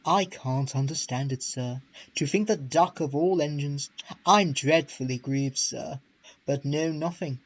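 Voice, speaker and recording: A man's voice: on the high side, measured pace, dry recording, muffled recording. A man voicing a sly, scheming diesel engine with an oily, wheedling manner, in a storybook reading.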